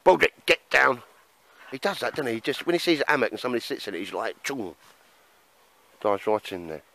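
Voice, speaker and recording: Male bushcraft vlogger, low-pitched, casual and jokey, outdoors in the woods. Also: very animated, racing, fairly bright tone, no echo, low-quality recording. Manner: chatty, laughs often, calls everyone mate. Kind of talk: casual outdoor chat to camera. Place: outdoor woodland camp in rain.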